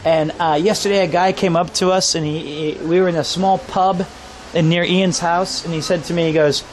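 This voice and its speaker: A man from Kansas telling excited stories while live streaming outdoors by a pub, swearing freely. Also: fairly high pitch, moderate pace, slight background noise. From Kansas, USA. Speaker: IRL streamer. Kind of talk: casual live stream storytelling. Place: outdoors on a town street by a pub.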